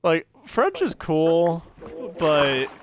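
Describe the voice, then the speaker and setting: A man's voice: fairly high pitch, sing-song, very slow. A man co-hosting a podcast, telling stories in a rambling casual chat full of fillers and laughs. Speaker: podcast co-host.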